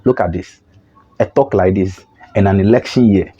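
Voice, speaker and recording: A man with a Ghanaian accent giving opinionated political commentary as a vlogger, talking in an animated, mocking way and often restarting his sentences. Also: low-pitched, moderate pace, breathy edge. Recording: dull lo-fi recording.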